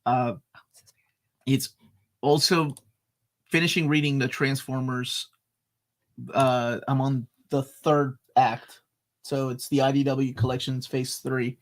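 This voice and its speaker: A man's voice: medium pitch, fairly even intonation, takes it slowly, pauses often. A man co-hosting a casual live chat, joking and reading out viewer comments. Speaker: co-host.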